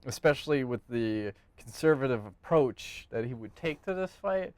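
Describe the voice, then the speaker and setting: A man's voice: medium pitch, animated, normal speed, smooth, dry recording. A man co-hosting a casual fight podcast, giving blunt, profane opinions. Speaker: podcast co-host. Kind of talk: casual MMA podcast chat.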